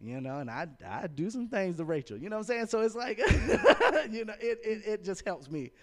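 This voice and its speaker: A man's voice: high-pitched, very animated, normal speed. A man, telling a candid story with a laugh on a casual podcast. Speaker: podcast co-host.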